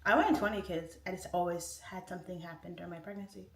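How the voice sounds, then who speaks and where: A woman's voice: lowish voice, steady tone, fast, vocal fry, recorded from a distance. A woman livestream host from Tacoma, chatting candidly and reading viewer comments from her kitchen, laughing often. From Tacoma, Washington, USA. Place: home kitchen. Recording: roomy echoey kitchen.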